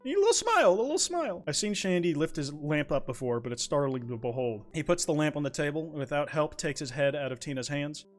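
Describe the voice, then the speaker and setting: A man reads a dating sim's lines out quickly, his voice sitting a little high. Between passages he bursts into loud, swearing reactions, with a sore throat wearing on him. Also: soft background music. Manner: loud profane outbursts between readings. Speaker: streamer. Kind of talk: reading a dating sim aloud with live reactions.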